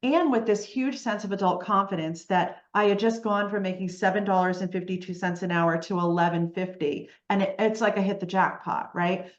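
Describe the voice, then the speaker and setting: A woman guest on an interview podcast, telling her story in a lively way and often asking "right?". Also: medium pitch, reverberant, muffled recording. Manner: animated storytelling, frequent "right?" tags.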